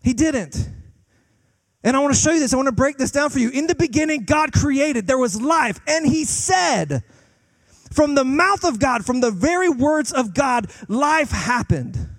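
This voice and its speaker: A young adult man preaches as a guest pastor, emphatic and animated, alternating fast bursts with slow, drawn-out lines and often repeating words as he begins sentences. His pitch is extremely high, and there's no room sound.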